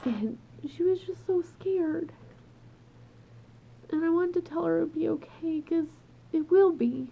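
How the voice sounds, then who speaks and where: A woman's voice: extremely high pitch, unhurried, creaky, long pauses. A woman speaking in an emotional personal vlog, crying and upset, trailing off and restarting as she talks at home. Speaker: vlogger. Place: at home with her dog. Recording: dull lo-fi home recording.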